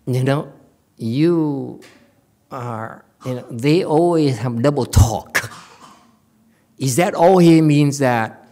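A woman's voice: a bass voice, slow pace, long pauses. A woman giving a Buddhist dharma talk, laughing often and checking in with her listeners. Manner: animated, laughing, asks audience often. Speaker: Buddhist teacher. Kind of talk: dharma talk on Chan stories.

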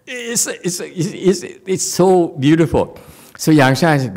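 Lively, laughing female dharma teacher. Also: lowish voice, takes it slowly, pauses often. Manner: animated, laughing, asks audience often. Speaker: Buddhist teacher. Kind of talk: dharma talk on Chan stories.

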